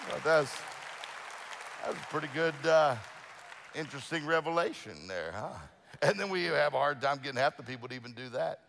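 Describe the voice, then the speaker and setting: Folksy pastor with a gravelly voice. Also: male voice, a little high, animated, normal speed, fairly bright tone, in a large hall, some chatter behind. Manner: folksy storytelling, many restarts and fillers. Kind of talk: sermon. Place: church sanctuary.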